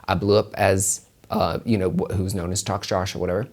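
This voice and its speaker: A man's voice: little pitch movement, fairly quick, darkish tone. Emphatic, profane man hosting a solo podcast. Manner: emphatic, profane, calls listener honey; repeats points for emphasis with pitch swings. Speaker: podcast host and tarot reader.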